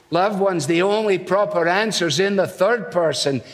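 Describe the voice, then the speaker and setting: A Scottish man preaching with measured, deliberate phrasing and dry wit. His voice is fairly high, and a long reverb trails every phrase, as if played from a sermon video in a large hall. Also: expressive.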